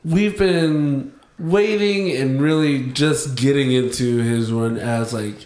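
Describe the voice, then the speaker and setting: A man in a casual podcast chat, blunt and quick to agree with short remarks. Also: medium pitch, darkish tone, reverberant. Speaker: podcast co-host.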